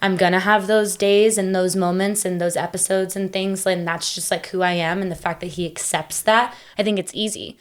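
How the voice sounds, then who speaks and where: A woman's voice: mid-range voice, steady tone, moderate pace, few pauses. A young woman talking openly as a podcast guest, chatty and full of fillers and restarts. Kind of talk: casual conversational interview.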